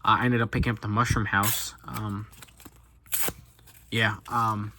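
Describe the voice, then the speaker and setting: A man's voice: lowish voice, little pitch movement, measured pace, pushed and bright, slight background noise. A young man in his twenties chatting casually on his channel, rambling and self-deprecating with lots of fillers and restarts. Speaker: YouTuber. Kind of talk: casual chat while opening cards.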